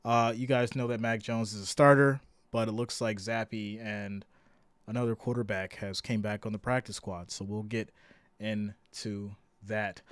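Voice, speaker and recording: A man hosting a casual sports live stream, loud and excitable, greeting chat viewers by name and swinging between shouted hype and low asides. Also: unhurried, clean tone, dry recording. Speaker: sports livestream host.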